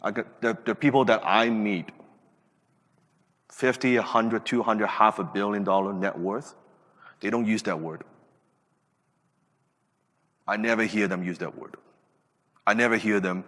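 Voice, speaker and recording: A man's voice: on the low side, normal speed, long pauses, a bit bright. Emphatic man in his late thirties. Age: late 30s. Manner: emphatic, with rhetorical questions. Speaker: podcast host. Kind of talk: motivational talk. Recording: reverberant room.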